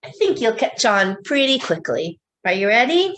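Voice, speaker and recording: Woman librarian, slightly high voice, slow sing-song storytime for toddlers, coaxing. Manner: sing-song, coaxing, with playful animal sounds; slow, expressive read-aloud for small children. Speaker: children's librarian. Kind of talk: preschool storytime with songs and reading aloud.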